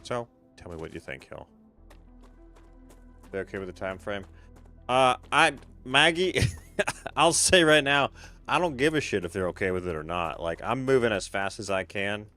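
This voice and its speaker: A man's voice: on the low side, animated, moderate pace, pauses often, pushed and bright, faint music behind. A man, streaming a game and chatting casually with viewers, laid-back and swearing freely, often trailing off. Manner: chats with viewers by name. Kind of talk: casual live-stream chat while gaming.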